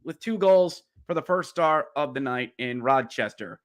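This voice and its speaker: A man hosting a podcast, recapping a hockey game as a fan, getting riled up and yelling during the play-by-play. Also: mid-range voice, animated, normal speed. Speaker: podcast host.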